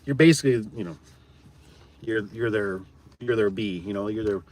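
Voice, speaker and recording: A man's voice: fairly low pitch, normal speed, darkish tone. A man who runs a garage door business, telling a job story in a rambling, blunt, folksy way and often repeating his words. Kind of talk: casual storytelling chat.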